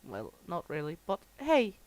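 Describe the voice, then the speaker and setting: Her voice is lowish and darkish, a little slow, with huge swings in pitch; the recording is dry and low quality. She's a middle-aged Danish woman with a Danish accent, live-streaming a store game, chatting casually with viewers, laughing often and swearing freely.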